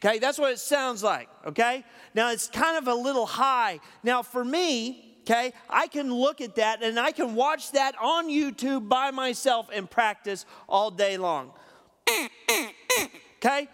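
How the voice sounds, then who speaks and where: A man preaching a sermon with a high, light voice. He talks in a folksy way and keeps checking in with "okay?". His voice rings with the long reverb of a large hall. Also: measured pace, a bit bright, clear, resonant tone. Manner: folksy, repeats "okay?" often. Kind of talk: sermon with illustration. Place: church hall.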